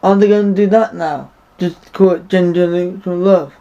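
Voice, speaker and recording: A man's voice: sits high, steady tone, normal speed, gravelly, dark tone. A man giving a rambling, indignant opinion monologue to camera. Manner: rambling, repeats himself, indignant. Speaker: vlogger. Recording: dull lo-fi recording.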